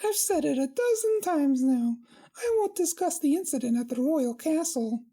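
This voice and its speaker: A woman voicing a prim, exasperated young female pony princess in a comedic fanfiction reading, with a shrill, clipped delivery. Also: normal speed. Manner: shrill, clipped, deadpan retorts. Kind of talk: comedic fanfiction read-aloud.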